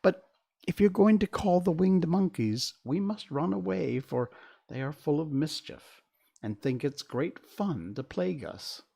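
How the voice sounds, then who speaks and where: A man voicing the tiny, kindly queen of the mice with a very high, squeaky voice in a storybook reading. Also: animated, unhurried, creaky, mellow, breathy edge, exaggerated voice. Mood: helpful. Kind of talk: storybook read-aloud.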